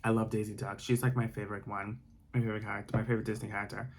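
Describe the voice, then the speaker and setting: A man reading a bedtime story aloud in ASMR style, with soft, rambling asides. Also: fairly low pitch, flat delivery, rapid-fire, creaky, slightly rough.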